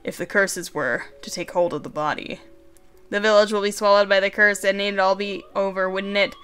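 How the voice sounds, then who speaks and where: A woman voicing a remorseful male wizard trapped in a box, reading his lines in a measured, solemn way. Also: mid-range voice, fairly even intonation, fairly bright tone, smooth, faint music behind, lightly acted.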